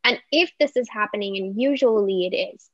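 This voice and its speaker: A woman speaking as a podcast guest, explaining in an animated way and acting out example voices. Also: medium pitch, brisk, dry recording. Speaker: guest coach. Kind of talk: podcast interview. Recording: slightly muffled, dry sound.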